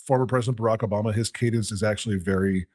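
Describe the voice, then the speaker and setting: A man's voice: lowish voice, steady tone, rapid-fire, a little mellow, dry recording, clean studio sound. A man with a smoker's voice, chatting animatedly as a guest on a podcast. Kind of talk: casual podcast chat.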